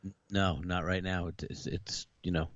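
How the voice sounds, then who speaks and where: A man with a low voice chats hesitantly and keeps filling his sentences with "you know". His line sounds slightly dull and muffled, and the recording is dry with no room echo. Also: level tone, normal speed. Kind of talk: casual conversation.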